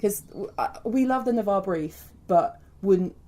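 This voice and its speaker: A woman from Wales with a Welsh accent, a larp organiser talking in casual chat, chatty and quick to laugh. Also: medium pitch, animated, mellow.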